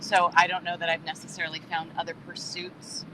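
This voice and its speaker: A woman's voice: on the low side, monotone, fairly quick, noisy background. A woman actor on a panel, talking emphatically with laughs and restarts over a video call from a moving RV. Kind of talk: casual panel chat. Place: inside a moving RV.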